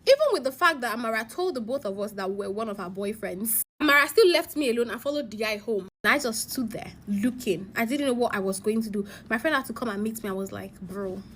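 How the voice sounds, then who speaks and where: A woman narrating a story-time letter with a fairly high voice. She is animated, dropping to hushed asides and then jumping up loud at the big moments. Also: fast, few pauses, slight background noise.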